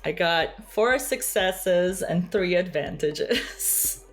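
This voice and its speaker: A woman's voice: fairly low pitch, animated, slow pace, soft background music. A woman playing a tabletop game, speaking hesitantly with many fillers as she describes her character's background. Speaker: player. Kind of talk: casual tabletop game talk.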